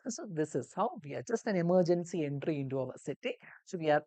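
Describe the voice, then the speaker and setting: Woman tutor, lower voice, dry mic, rambling explanatory delivery for students. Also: expressive, fast, warm tone, dry recording. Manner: explanatory, with many fillers and restarts. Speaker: language teacher. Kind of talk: live online exam-prep lesson.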